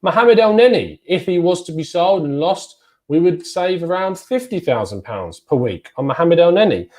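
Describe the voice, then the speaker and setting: A man's voice: a little high, moderate pace. A man giving chatty, rambling football fan commentary as the host of a fan channel, stressing each name as he goes. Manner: chatty, rambling, lively emphasis on names.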